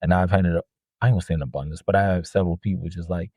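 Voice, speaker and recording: A man with a somewhat low voice rants casually about his customers, swearing freely and jumping up in pitch when he mimics them. The sound is dry and close, with no room around it. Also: rapid-fire, breathy edge, no echo, poor audio. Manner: animated, profane, mimics customers in a higher voice. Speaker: podcast host and jersey seller. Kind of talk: casual storytelling rant.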